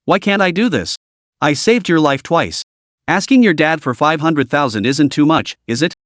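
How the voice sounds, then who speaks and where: A man's voice: a little high, lively intonation, moderate pace, no echo, clean studio sound, natural voice. A man voicing a young man who is a blunt, bitter street vendor, reading him in a storybook recap. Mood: sarcastic. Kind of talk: storybook narration.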